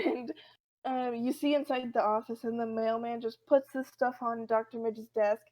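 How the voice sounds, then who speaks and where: A woman's voice: on the high side, unhurried, poor audio. Chatty young-sounding woman retelling a comic. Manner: animated storytelling, acting out characters' lines. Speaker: podcast co-host. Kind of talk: casual chat, retelling a comic.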